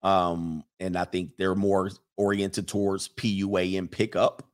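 A man's voice: sits low, level tone, measured pace. Emphatic man hosting a casual livestream. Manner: conversational, emphatic, frequent fillers and restarts, reads chat comments aloud. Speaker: livestream host reading chat.

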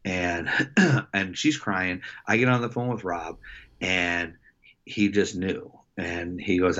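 Deep-voiced man, halting and dull-sounding. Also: a bit bright. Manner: halting, many fillers and restarts. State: emotional. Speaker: coach. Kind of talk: casual interview storytelling.

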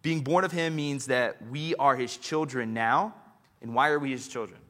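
A male pastor delivers a sermon to his church family in a bright, forceful voice. He speaks earnestly and slows his pace to press home each line of scripture. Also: mid-range voice.

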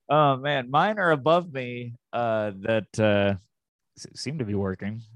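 An easygoing man trades puns over a remote call and laughs along with his co-host. His voice sits at a middle pitch for a man. The sound is close and dry, with no room in it. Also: slow pace, dry recording. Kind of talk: casual chat.

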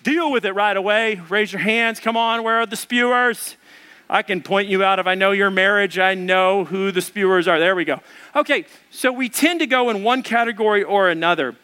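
A man in his thirties or forties, a pastor telling a funny marriage story in an animated sermon and acting out the quotes. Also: high-pitched, normal speed, clean tone.

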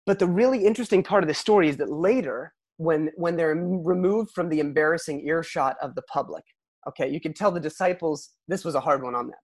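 A man's voice: fairly high pitch, husky, no room sound. A middle-aged man preaching a sermon in a conversational, storytelling way with self-deprecating humor. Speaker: pastor.

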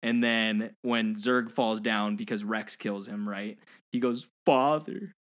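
A man casually discussing a movie with a friend, animated, often jumping into high-pitched character impressions. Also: takes it slowly. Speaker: podcast co-host.

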